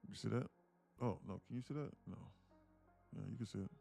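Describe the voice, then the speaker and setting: A man from with a gravelly voice, boasting about his trading and bantering with viewers on a live stream from his home apartment. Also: lowish voice, a little fast, dark tone, soft background music. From Atlanta, USA. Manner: boastful, teasing banter with chat. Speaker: day trader streamer.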